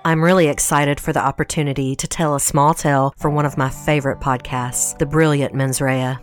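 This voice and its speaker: A woman from Tennessee with a Southern American accent, a guest podcast host reading a scripted true-crime story in a measured storytelling way. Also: sits low, fairly even intonation, faint music behind. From Tennessee, USA.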